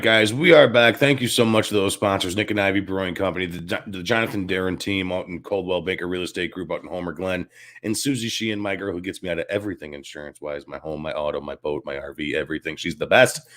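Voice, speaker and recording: A man with a South Side Chicago accent hosting a sports talk show, loud, excitable and cursing freely. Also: deep voice.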